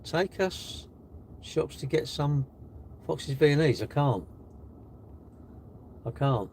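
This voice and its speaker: Reading his viewers' chat aloud, an older livestream host banters cockily and pokes fun at them. He speaks slowly in a fairly high, slightly mellow voice with lively intonation, over slight background noise.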